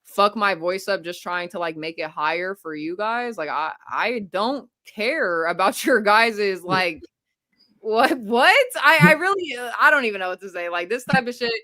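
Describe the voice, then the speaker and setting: A woman's voice: medium pitch, animated, normal speed, bright, forceful tone, dry recording. A young adult woman streamer chatting casually, blunt and profane, often laughing. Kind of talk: casual reaction-stream chat.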